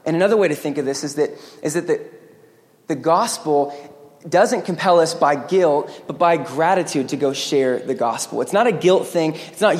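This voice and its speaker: A man preaching a lively sermon as pastor, joking with the congregation. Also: on the high side, moderate pace. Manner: energetic, joking, acts out quoted voices. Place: church sanctuary. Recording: long hall reverb.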